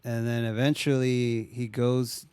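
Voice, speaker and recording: Laid-back swearing guy with a mellow voice. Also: medium pitch, little pitch movement, a little slow, clean tone, no room sound. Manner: laid-back, swears often, acts out quotes. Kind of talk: casual chat retelling a movie.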